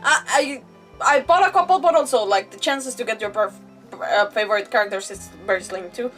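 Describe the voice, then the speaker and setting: Girl streamer rambling and giggling, kinda far from the mic, soft music in the back. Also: fairly high pitch, fairly quick. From Mexico. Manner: rambling, giggly, many restarts and fillers. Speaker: gaming streamer. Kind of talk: casual stream chatter while playing. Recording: voice a bit off-mic, faint game music.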